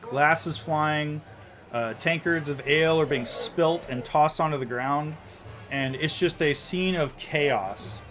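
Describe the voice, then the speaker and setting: A man's voice: a little high, slow pace, a bit bright, soft background music. A man running a tabletop game as game master, narrating the action in vivid, descriptive detail with frequent restarts.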